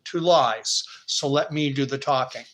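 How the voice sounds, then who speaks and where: A man's voice: mid-range voice, measured pace, fairly bright tone, lightly acted. A man voicing a weary, earnest brother who speaks with indignation. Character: righteous wandering brother named Truth, a man.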